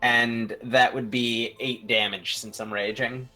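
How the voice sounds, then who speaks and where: A man's voice: mid-range voice, flat delivery, slow pace, pushed and bright, faint music behind. A man playing in a tabletop game, stating his moves in a plain, matter-of-fact way. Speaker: player. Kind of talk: casual tabletop play.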